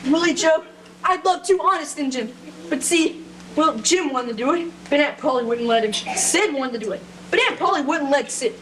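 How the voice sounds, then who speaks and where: A woman acts out a cheeky young boy who wheedles and bargains, and her high voice swoops up and down. The stage recording carries a steady noise behind her. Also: moderate pace, low-quality recording. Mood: sly. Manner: sly, persuasive, playful bargaining. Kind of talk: stage play acting. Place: theatre stage.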